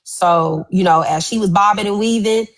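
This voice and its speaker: A woman's voice: medium pitch, normal speed, poor audio. A woman giving a casual witness account in loose slang with many fillers. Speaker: witness guest. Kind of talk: casual recounting.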